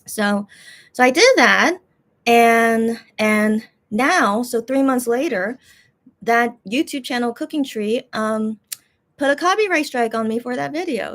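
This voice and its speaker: A woman host chatting casually to her viewers, rambling with many fillers and restarts, frustrated and complaining. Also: fairly high pitch. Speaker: YouTube channel host.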